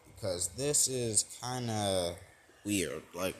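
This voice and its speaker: A man casually voicing a bewildered, wounded teenage boy hero, saying his lines low and muttered in his own voice. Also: slow, slight background noise. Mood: puzzled.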